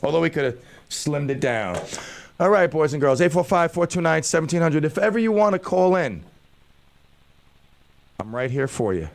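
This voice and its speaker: Radio host type: gravelly, a bit high-pitched man with playful, self-mocking chatter. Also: expressive, normal speed, pauses often. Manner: joking, self-mocking banter. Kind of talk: casual radio talk. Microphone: studio microphone.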